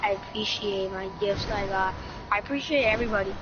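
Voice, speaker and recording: A woman playing along in a casual role-play, answering in short, reactive bursts. Her voice comes through a muffled lo-fi recording with loud noise behind it. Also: medium pitch, a little fast.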